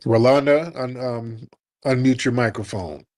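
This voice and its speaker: A man hosting a live audio chat show, laid-back, calling listeners in and answering with quick comebacks. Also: mid-range voice, darkish tone. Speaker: host.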